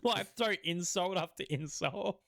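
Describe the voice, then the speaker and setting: A man's voice: sits high, unhurried, gravelly, a bit bright, dry recording, clean studio sound. A man, co-hosting a casual podcast chat, rambling and laughing often. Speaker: podcast co-host.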